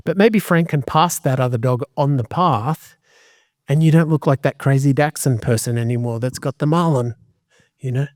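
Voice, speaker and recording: A man giving a community talk as a dog trainer, lively and conversational with joking asides. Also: medium pitch, no echo, clean studio sound.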